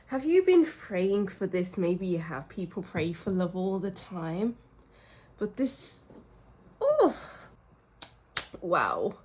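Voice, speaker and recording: A woman's voice: fairly low pitch, lively intonation, a little slow, hardly any pauses. A woman giving a pick-a-card tarot reading, speaking emotionally and effusively straight to her viewers. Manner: effusive and emotional, often laughing and sighing; talks straight to the viewer, warm and reassuring. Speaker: tarot reader.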